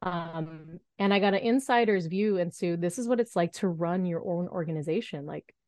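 A woman in her thirties telling a story as a podcast guest, animated and acting out the voices she quotes. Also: lowish voice, normal speed, no echo, clean studio sound. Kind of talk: storytelling in an interview.

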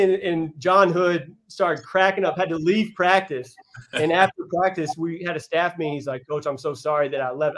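A man in his thirties, a basketball coach, talking earnestly as a guest in a casual interview. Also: a little high. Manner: earnest, reflective storyteller.

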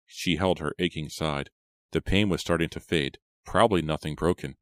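A man reading a horror audiobook in a steady, measured storytelling manner. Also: extremely low pitch, no echo, studio quality. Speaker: audiobook reader. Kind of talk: scripted horror audiobook narration.

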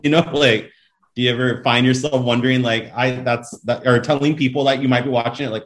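A man's voice: medium pitch, fast. A man co-hosting an interview, asking rambling, hesitant questions full of fillers. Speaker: co-host. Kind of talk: casual interview chat.

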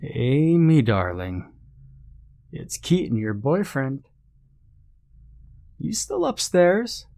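A man's voice: mid-range voice, very animated, unhurried, darkish tone, breathy edge, voice pushed up, heavily acted. A man voicing a mean young man who taunts and mocks. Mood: taunting. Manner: taunting, contemptuous.

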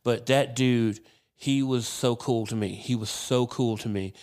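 A man, a comedian, telling hospital stories on a podcast in an animated, candid, profane way. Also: medium pitch, measured pace. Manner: animated, profane, self-deprecating. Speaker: comedian guest. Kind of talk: casual podcast storytelling.

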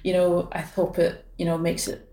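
Scottish woman, soft-spoken, roomy distant sound. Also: lowish voice, monotone, normal speed. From Scotland. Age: late 20s. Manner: thoughtful, hesitant, many fillers and restarts. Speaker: badminton player, guest. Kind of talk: casual interview chat.

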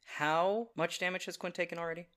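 A man playing a tabletop game, eager and excitable, swearing now and then. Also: sits high, fairly quick. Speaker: player.

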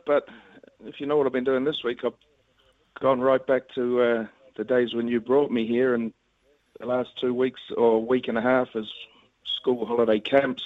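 A man's voice: mid-range voice, no room sound. A man from New Zealand with a Kiwi accent, a guest chatting and rambling happily on the radio by phone. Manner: chatty, rambling, laughs easily. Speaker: guest, rugby league club executive. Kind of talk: casual phone interview. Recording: tinny phone line.

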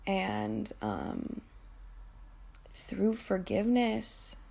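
A young woman telling a painful personal story in a candid, emotional way, swearing freely and often halting and restarting. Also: medium pitch, sing-song, gravelly, warm tone.

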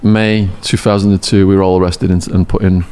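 A man's voice: sits low, brisk, clear, resonant tone. A man animatedly telling a story as a podcast guest, laughing often. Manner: animated storyteller, lots of laughing and acted quotes. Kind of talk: casual storytelling.

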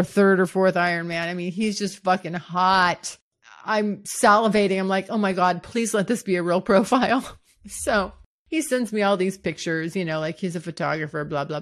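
Frank, profane woman podcast host. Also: medium pitch. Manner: frank, profane, animated storytelling. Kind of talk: candid solo podcast storytelling.

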